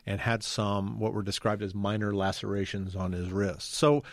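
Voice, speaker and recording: A man's voice: fairly low pitch, steady tone, normal speed, no echo. A man on a news podcast panel explaining political news in a dry, matter-of-fact way. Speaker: executive editor on a podcast panel. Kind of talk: casual panel chat.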